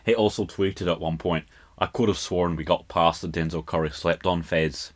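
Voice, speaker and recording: A man's voice: low voice, fairly even intonation, normal speed. A Scottish man hosting a podcast, casually talking through a rap song and laughing at his own accent. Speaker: podcast host.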